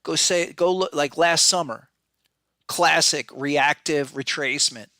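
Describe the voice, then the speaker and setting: A man's voice: a little high, measured pace, sharp tone, dry recording, clean studio sound. A man hosting a podcast, giving blunt, conversational market commentary and thinking aloud with frequent restarts. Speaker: podcast host and market analyst.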